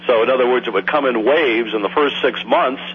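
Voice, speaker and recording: A man's voice: mid-range voice, fairly quick. A man working as a radio news correspondent, talking casually on air in a rambling, hesitant way. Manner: rambling, hesitant, filler-heavy. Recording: dull lo-fi line with faint hiss.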